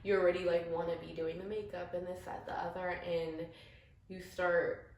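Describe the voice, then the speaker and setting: A woman hosting an interview in a relaxed, casual way, leaning on filler words. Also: on the low side, moderate pace, slight background noise. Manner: relaxed, heavy use of "like" fillers. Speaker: interview host. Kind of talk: casual conversation. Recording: very echoey room.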